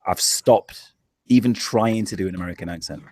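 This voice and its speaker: Casting: hombre de Yorkshire, charla relajada, algo malhablado, voz seca. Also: male voice, on the low side, moderate pace, a little mellow, dry recording. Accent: Yorkshire English. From England. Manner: laid-back, swears and laughs often. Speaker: show host. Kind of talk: casual chat.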